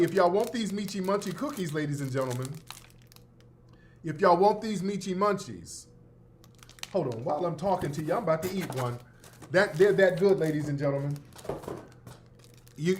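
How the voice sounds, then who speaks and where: A man's voice: sits high, slight background noise. A man hosting a radio show, giving brash, sarcastic commentary full of slang and repeating his points for emphasis. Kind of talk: opinionated talk-radio commentary.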